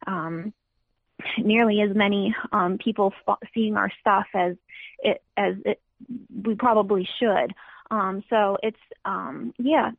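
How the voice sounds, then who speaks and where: Female interview guest, gravelly voice, halting delivery, tinny phone-line sound. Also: medium pitch, no room sound. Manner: hesitant, many ums and restarts.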